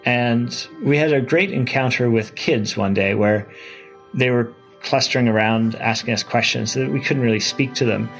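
A man's voice: mid-range voice, moderate pace, fairly bright tone. Traveler man, documentary interview, eager storytelling, music under. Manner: enthusiastic, with restarts and repeated words. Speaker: adventurer recounting his trip.

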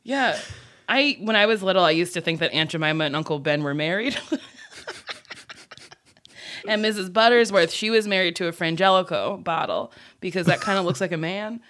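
A woman co-hosting a casual comedy chat, giggly and animated as she riffs. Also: fairly low pitch, moderate pace. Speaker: co-host.

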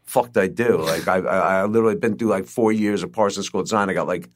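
A man's voice: sits low, fast talker. A middle-aged man chatting casually on a podcast, telling stories with lots of swearing and acting out quotes. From New York. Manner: animated storyteller, heavy swearing, acts out quotes. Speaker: guest screenwriter.

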